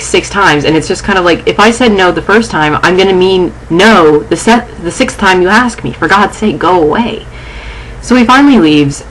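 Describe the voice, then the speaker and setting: A woman's voice: on the low side, a little hiss or hum, low-quality recording. Shaken, angry young woman vlogging. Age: young adult. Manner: agitated, halting, restarting sentences. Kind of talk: casual vlog. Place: dorm room.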